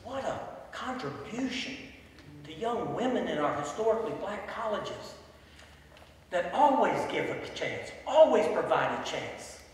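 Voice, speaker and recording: Man, pastor preaching, storytelling, loud swells and quiet drops, fairly high voice, big echoey church hall, distant mic. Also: sing-song, unhurried. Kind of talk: sermon. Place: large church sanctuary. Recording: echoey hall from far off, faint ambience.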